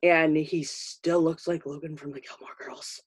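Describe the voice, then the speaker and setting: A woman's voice: sits low, unhurried, breathy edge. A middle-aged woman hosting a podcast, telling stories in casual chat and laughing often. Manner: animated storyteller, laughs often. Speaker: podcast host.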